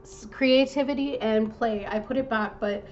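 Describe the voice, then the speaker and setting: Gentle woman giving a tarot reading. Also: fairly high pitch, normal speed, lo-fi sound, slight background noise. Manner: gentle, reassuring, self-interrupting with apologies. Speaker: tarot reader.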